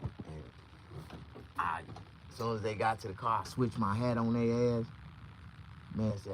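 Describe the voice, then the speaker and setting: A man, a comedian, telling profane comic stories in an animated, loud way from inside a vehicle. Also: lowish voice, unhurried, long pauses, a little hiss or hum, rough recording. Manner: loud, animated, acts out voices.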